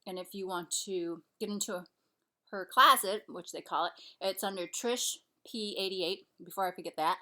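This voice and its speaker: A woman's voice: medium pitch, moderate pace, pushed and bright. Chatty woman vlogger eating at home. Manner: chatty, rambling, trailing off and restarting. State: out of breath. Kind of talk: casual chat to camera while eating. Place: her home, kitchen and living room couch.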